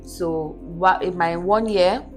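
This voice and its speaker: A woman telling her life story as a podcast guest in a relaxed chat, earnestly checking that her listener understands. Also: fairly low pitch, takes it slowly, over music. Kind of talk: casual interview storytelling.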